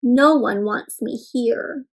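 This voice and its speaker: A woman's voice: on the high side, slow. A woman voicing a small, sad male comma in a storybook, speaking in a dejected half-whisper.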